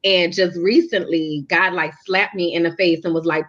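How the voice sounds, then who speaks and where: A woman's voice: on the low side, steady tone, normal speed, few pauses, fairly bright tone. A woman from New Orleans sharing a heartfelt faith talk with her listeners in an earnest, confiding way. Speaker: host of a faith livestream. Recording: lo-fi replayed livestream audio.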